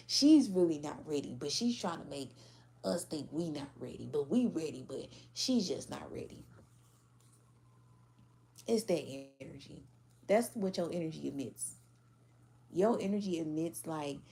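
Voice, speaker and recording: Gravelly blunt woman tarot reader. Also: lowish voice, animated, normal speed, warm tone. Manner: blunt, profane, acts out other people's reactions. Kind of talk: casual collective tarot reading.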